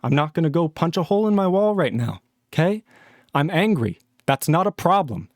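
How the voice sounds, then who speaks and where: Male streamer, heated and profane, ranting at chat, slightly high voice, dry close mic. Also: animated, brisk, no echo. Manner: angry, profane, arguing with chat. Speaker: livestream host.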